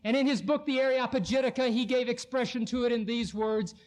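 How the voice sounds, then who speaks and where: A man preaching in a strikingly high voice, full of oratorical fire. He builds his sermon with passion and slows right down on the lines he wants to land, pressing each point home. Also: darkish tone. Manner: impassioned oratorical delivery.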